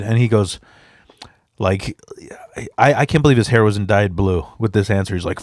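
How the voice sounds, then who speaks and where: A standup comedian, an immigrant appearing as a podcast guest, tells stories in a casual chat. His voice is on the low side, at a moderate pace with frequent pauses, in studio-quality audio with no echo. He is profane and rambling, animatedly acting out both sides of each conversation.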